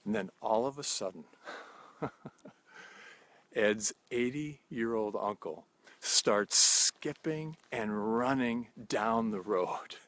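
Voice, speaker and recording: A man preaching a short sermon outdoors, telling a story in a gentle, unhurried way with soft pauses. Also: medium pitch, expressive. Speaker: pastor. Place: outdoors at sunrise.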